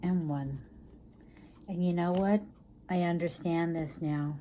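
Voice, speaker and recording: A woman giving a casual tarot reading, thinking aloud in a chatty, tired way, sometimes dropping low and soft. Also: fairly even intonation, takes it slowly, noisy background. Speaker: tarot reader.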